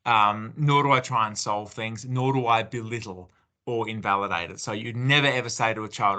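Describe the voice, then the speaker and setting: A man's voice: fairly low pitch, moderate pace, bright, forceful tone. A man with an Australian accent giving a conversational parenting talk in a webinar, acting out parent-child exchanges with many fillers and restarts. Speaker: parenting speaker.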